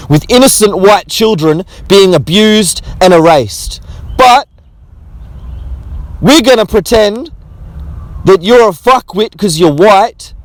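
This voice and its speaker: A man's voice: sits high, no room sound, low-quality recording. A man delivering an angry, profane monologue to his audience. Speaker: vlogger. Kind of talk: monologue to camera.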